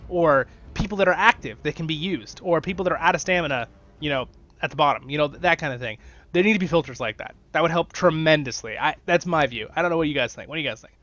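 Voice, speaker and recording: A man casually commentating his strategy gameplay, chatty and excitable, talking straight to his viewers. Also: a little high, fast. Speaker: gaming channel host. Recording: dull lo-fi sound with faint music.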